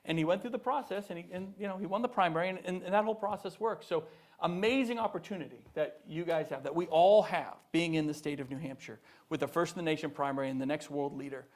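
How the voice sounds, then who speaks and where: Middle-aged man, former politician addressing a student audience, emphatic and animated, higher-pitched voice, lots of restarts. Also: fast. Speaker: former governor giving a talk. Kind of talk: public speech to students. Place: university event hall.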